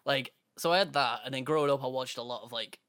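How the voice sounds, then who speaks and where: A man's voice: mid-range voice, fast, a bit bright, clear, resonant tone, no room sound, clean studio sound. A young man from near Liverpool with a mixed English accent and a slight Scouse touch, co-hosting a casual podcast in a laid-back way. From near Liverpool, England. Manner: laid-back, trails off, does mock accents. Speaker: podcast co-host.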